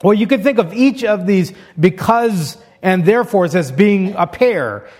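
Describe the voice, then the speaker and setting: A man's voice: high voice, expressive, a little slow, a little mellow. A man preaching an expository sermon, reading scripture aloud and explaining it step by step in an earnest way.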